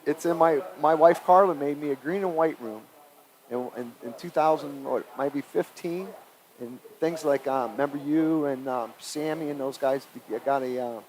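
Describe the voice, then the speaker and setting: A middle-aged high school football coach spins animated locker-room stories, laughing often. His pitch sits at an ordinary middle height. A faint noise hums behind him. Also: rough recording. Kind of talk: casual storytelling chat.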